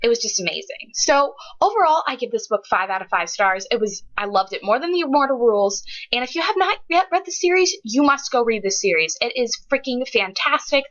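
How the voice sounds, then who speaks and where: A woman's voice: sits high, a bit bright. A young woman giving a casual, gushing book review vlog, emotional and full of "like". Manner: gushing, emotional, says "like" a lot. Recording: lo-fi dull webcam audio.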